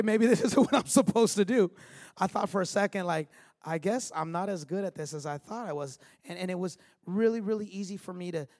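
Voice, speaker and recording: A man in his thirties preaching a sermon as pastor, moving between loud rallying lines and quiet personal stories. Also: high-pitched, no room sound, clean studio sound.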